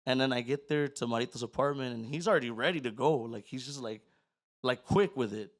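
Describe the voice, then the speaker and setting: A male podcast guest speaks at a medium pitch and a little fast, recounting a personal story in a casual, swearing manner. He performs his own words, shifting from loud outbursts down to near-whispers.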